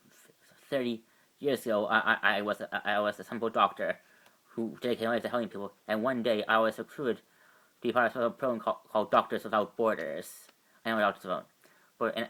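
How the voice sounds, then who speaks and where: A man voicing a wistful middle-aged doctor father, rambling and halting as he tells his past. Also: on the low side, sharp tone. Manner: rambling, halting, repeats "you see". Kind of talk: amateur fan voice acting.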